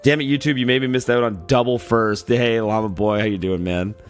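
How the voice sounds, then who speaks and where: A man who has just woken up, with a raspy voice, chatting casually on a livestream, greeting viewers and rambling with lots of fillers. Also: mid-range voice, fairly even intonation, fairly quick, faint music behind. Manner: loose and rambling, many "like" fillers, greets chat by name. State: just woke up, yawning. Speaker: streamer.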